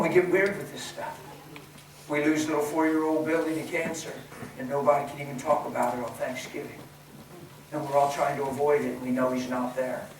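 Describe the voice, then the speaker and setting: Man preaching, passionate, hushed to shouting, slightly high voice, echoey hall, heard from a distance. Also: slight background noise. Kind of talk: sermon. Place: large church hall.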